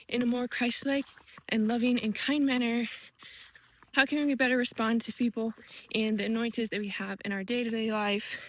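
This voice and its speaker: Woman vlogging, out of breath, fast walking outdoors, chatty and reflective, fairly high voice, dry close sound. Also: dry recording, poor audio. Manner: chatty, reflective, laughs easily. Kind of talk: walking vlog musing. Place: outdoors on a wooded trail.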